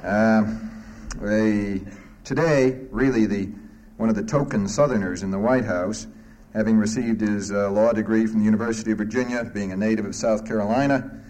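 A man with a fairly low voice introduces the next speaker at a conference. He tells an anecdote in a halting way and fills his pauses often. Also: steady tone, a little mellow. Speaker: moderator.

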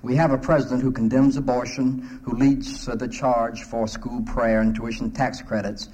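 A man from South Carolina gives a formal conference address on a panel, measured and wry, pausing often. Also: mid-range voice, level tone, darkish tone, slightly rough, poor audio. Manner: measured and wry, with many hesitant pauses. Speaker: panel speaker.

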